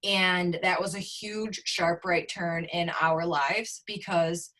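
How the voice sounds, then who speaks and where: A woman's voice: on the low side, fairly even intonation, takes it slowly, fairly bright tone. A young adult woman, a business coach, candidly telling a personal story on a team video call, swearing freely and leaning on "like".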